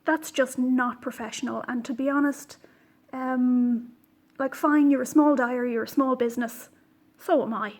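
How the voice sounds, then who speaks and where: A woman's voice: high voice, fairly even intonation, unhurried, darkish tone. A woman hosting a knitting podcast, talking in an indignant, emphatic way with frequent "um"s. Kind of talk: casual vlog monologue.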